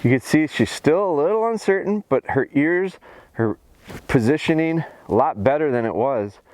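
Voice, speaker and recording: A man training his bird dogs in a snowy field, explaining each step between commands. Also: moderate pace. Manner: calls dogs in a high excited voice, then explains calmly. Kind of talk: outdoor training commentary.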